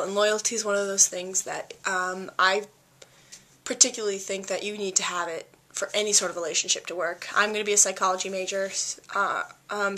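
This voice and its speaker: A woman's voice: mid-range voice, sharp tone. A teenage woman vlogger chatting casually to camera, rambling, giggling and joking at her own expense. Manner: giggly, rambling, self-mocking.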